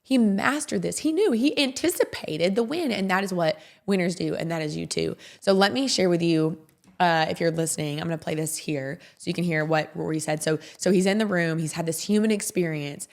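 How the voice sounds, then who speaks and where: A woman's voice: lowish voice, brisk, vocal fry. A woman hosting a podcast in a casual, rambling monologue, openly emotional and often repeating herself. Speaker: podcast host.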